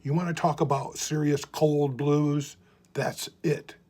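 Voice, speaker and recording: Older male blues guitar teacher; earnest, heartfelt storyteller who drops soft at phrase ends. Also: on the high side, flat delivery, slow. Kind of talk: talking guitar lesson to camera.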